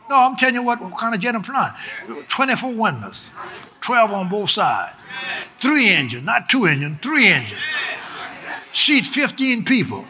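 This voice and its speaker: An older man preaching a sermon, shouting with emphasis and then dropping suddenly quiet. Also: sits high, noisy background.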